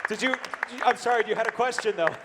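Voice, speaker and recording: A man's voice: sits high, fast, heavy background noise. A man moderating a live panel, upbeat and prompting the audience and panelists. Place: large convention hall with audience. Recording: echoey convention hall with crowd.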